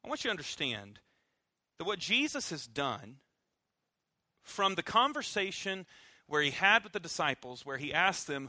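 A male preacher delivers a sermon in a bright, cutting voice that sits a little high for a man. His delivery is animated and varied, leaning hard on key words and dropping low and quiet at the ends of phrases. The sound is close and dry, with no room echo. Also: normal speed. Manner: animated and emphatic, swinging from loud stresses to soft, low endings; uses dry humor and acted-out asides. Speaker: pastor.

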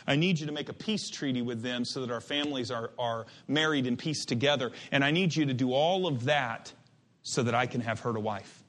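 A man's voice: medium pitch, brisk, fairly bright tone, voice pushed down, lightly acted. A man voicing a young man who bluntly insists that his father pay the dowry and arrange his marriage. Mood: demanding.

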